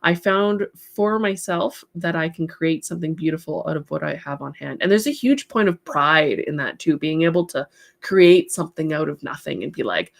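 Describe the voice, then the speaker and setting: A woman's voice: low-pitched, lively intonation, normal speed, vocal fry. A woman hosting a craft livestream, chatting casually, reading viewer comments aloud and giving encouraging advice with frequent laughs. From part English heritage. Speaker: livestream host, artist.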